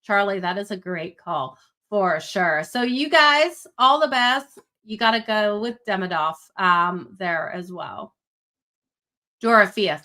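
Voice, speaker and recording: A woman's voice: mid-range voice, expressive, takes it slowly, pushed and bright. A woman from Australia with a Canadian accent that still carries some Australian vowels, chatting upbeat and directly to viewers as a sports betting host on a live stream. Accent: Canadian with Australian traces.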